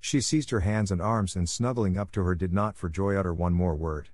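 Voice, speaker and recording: A man narrating an audiobook in a steady, measured reading. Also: low voice, no room sound, clean studio sound.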